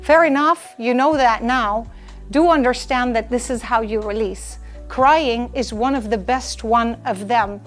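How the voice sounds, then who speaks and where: A woman's voice: on the high side, measured pace. A woman delivers a live lecture to students in a slightly raised voice. She is earnest and insistent and comes back to the same point again and again. Faint music sits in the background. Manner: earnest, emphatic, repeats key points. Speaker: lecturer on personal well-being.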